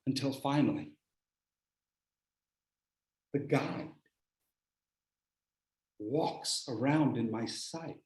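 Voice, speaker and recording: A speech contest speaker telling a dramatic personal story, acting out scenes and swinging between hushed lines and shouts. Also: medium pitch, very slow, long pauses. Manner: animated, acts out scenes, shifts from hushed to shouting. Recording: roomy echo.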